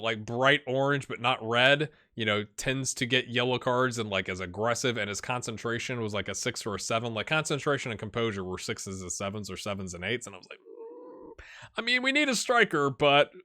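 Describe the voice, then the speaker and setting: Here the man's mid-range voice sounds pushed and bright. He is a gaming YouTuber chatting loosely over a football management game, rambling along in casual let's-play style and frequently addressing viewers as "my friends."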